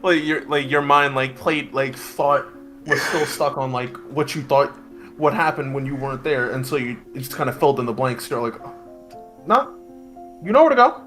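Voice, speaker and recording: A man's voice: medium pitch, moderate pace, soft background music. Laid-back man riffing in conversation. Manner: relaxed, riffs on the story by imagining what the kids say. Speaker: podcast co-host. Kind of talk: casual chat.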